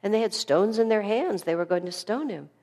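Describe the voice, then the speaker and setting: A woman giving a spiritual class lecture, telling stories in an earnest, animated way. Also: medium pitch, fairly quick. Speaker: spiritual teacher.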